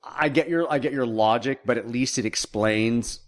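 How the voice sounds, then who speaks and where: A man co-hosting a podcast, chatting casually about a movie in an animated way and often repeating words as he starts a thought. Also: mid-range voice, normal speed. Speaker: podcast co-host.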